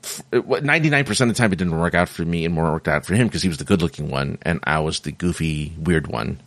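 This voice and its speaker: A middle-aged man with a very low voice talks through a personal story in a loose, rambling way, doubling back and laughing at himself. He has the hiccups. The sound is dry and close, with no room echo. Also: quick pace, fairly bright tone. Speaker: vlogger sharing personal stories. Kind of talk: casual monologue.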